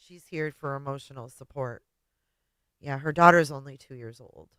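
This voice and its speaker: A woman hosting a livestream and talking casually to her viewers, tearful, halting and often trailing off quietly. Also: very deep voice, dry recording. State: tearful, voice breaking. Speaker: livestream host.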